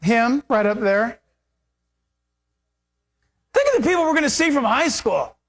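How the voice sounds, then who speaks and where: Brief: male pastor, sermon delivery, lively and animated, acts out dialogue. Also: very high-pitched, unhurried. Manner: animated, acts out quoted voices with laughter.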